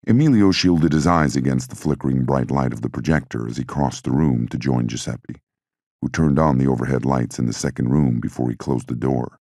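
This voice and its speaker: Very deep gravelly male audiobook narrator. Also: a little fast, a little mellow, no echo, studio quality.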